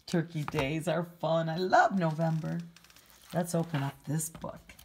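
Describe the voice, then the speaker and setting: A preschool teacher, a woman, reading a picture book aloud to young children, gently asking them questions and explaining words. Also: low voice, steady tone, unhurried, a little hiss or hum.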